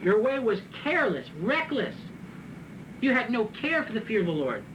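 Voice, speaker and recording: Over a noisy background, an animated man with a lively pitch preaches at normal speed. He reads Bible passages aloud, retells them in plain language, jokes around, and often laughs at his own asides.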